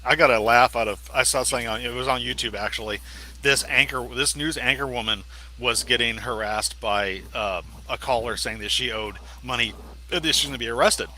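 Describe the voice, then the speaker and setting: A man's voice: mid-range voice, brisk, pushed and bright, a little hiss or hum, rough recording. A man hosting a casual chat, telling stories and laughing as he mocks scam callers. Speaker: host.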